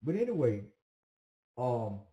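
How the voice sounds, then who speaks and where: A man's voice: mid-range voice, very animated, slow, dark tone, lo-fi sound. A man telling a personal story in a casual, rambling way, with many hesitant fillers. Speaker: commentator. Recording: roomy echo.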